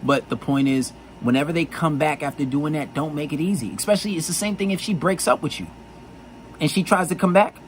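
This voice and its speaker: A man's voice: a little high, brisk, a little hiss or hum, poor audio. A man giving blunt dating advice in a profane, insistent monologue full of repetition.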